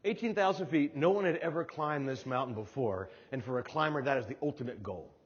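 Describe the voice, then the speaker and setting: A middle-aged man from New Jersey giving a humorous storytelling keynote speech, acting out voices with animated delivery. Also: mid-range voice, brisk, breathy edge. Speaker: keynote speaker. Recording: dull hall recording with long reverb.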